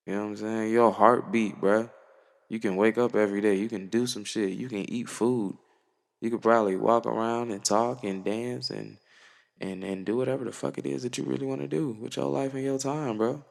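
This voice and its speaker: Speaking low and with a creak, a young male musician vlogger gives a casual, reflective monologue to camera. It's earnest, slangy and profane, and a long reverb tail follows his words.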